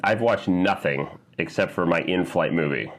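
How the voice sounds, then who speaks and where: A man co-hosting a film podcast in casual chat, acting out quotes in a raised voice. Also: moderate pace. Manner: animated, acts out quotes in a high voice. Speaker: podcast co-host.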